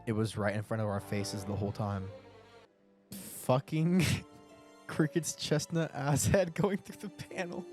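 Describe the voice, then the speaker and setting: A man hosting an anime reaction, excitable, swearing and talking to his chat. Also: medium pitch, a little slow, faint music behind.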